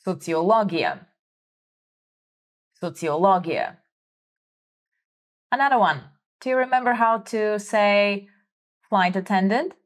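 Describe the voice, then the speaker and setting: A woman hosting a vocabulary lesson, speaking slowly and clearly, prompting listeners to repeat words and encouraging them. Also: medium pitch, expressive. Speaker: language teacher host. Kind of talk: slow vocabulary drill lesson.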